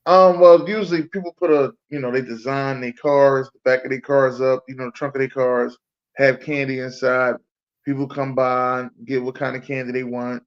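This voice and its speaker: Over dull, lo-fi stream audio, a podcast host chats casually at a moderate pace in a level, mid-range voice. He's laid-back and talkative, using plenty of fillers.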